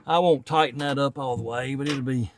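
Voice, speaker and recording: In a garage, a Tennessee mechanic who hosts his own channel talks casually to the camera while fixing an old truck, thinking aloud with a Southern US accent. His mid-range voice is steady and brisk against a noisy background.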